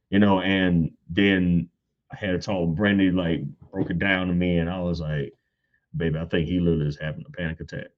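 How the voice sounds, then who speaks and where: A man in his thirties tells stories about his son in a casual, animated way, laughing often. His speaking voice sits very low, but he leaps up high to act out what people said. The recording sounds a little dull and lo-fi. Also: fairly quick. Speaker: guest on church panel. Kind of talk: casual storytelling.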